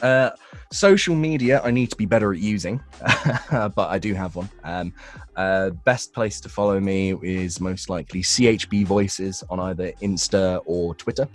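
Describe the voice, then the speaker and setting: A man's voice: low-pitched, normal speed, faint music behind. A young man, a voice actor, answering interview questions casually, rambling with fillers and restarts. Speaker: voice actor guest.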